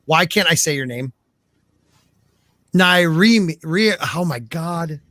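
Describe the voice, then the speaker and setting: A man's voice: on the high side, expressive, slow pace, bright, forceful tone, dry recording. A man hosting a podcast in casual chat, joking and self-deprecating as he stumbles over words. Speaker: podcast host.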